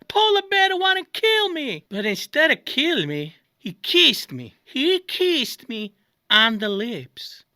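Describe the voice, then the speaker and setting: A performer putting on a bright Italian-accented comic man. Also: high-pitched, no room sound, studio quality, heavily acted. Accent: exaggerated Italian-American. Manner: rambling, animated, broken grammar. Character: excitable middle-aged Italian immigrant man, comic storyteller. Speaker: podcast host. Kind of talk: comic character monologue.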